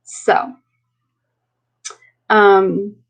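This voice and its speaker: A woman hosting a casual live chat, talking in an earnest, halting way and often circling back on herself. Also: medium pitch, flat delivery, gravelly, low-quality recording. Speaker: livestream host.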